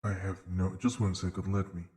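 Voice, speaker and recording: A man chats through a game stream in a deliberately creepy voice. His pitch sits very low and rumbly. A steady noisy hiss sits under the recording. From Bolivia. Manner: deep, put-on creepy voice. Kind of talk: casual live game commentary.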